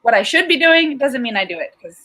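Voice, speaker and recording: A woman's voice: high voice, very animated, brisk, poor audio. Woman therapist explaining feelings. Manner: warm, explanatory, laughs easily. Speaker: therapist guest. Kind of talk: casual chat.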